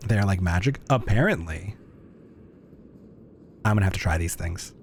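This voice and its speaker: A man's voice: low-pitched, lively intonation, normal speed, a little hiss or hum. A young man streaming a game live, chatting in self-mocking asides as he plays. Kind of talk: live gameplay commentary.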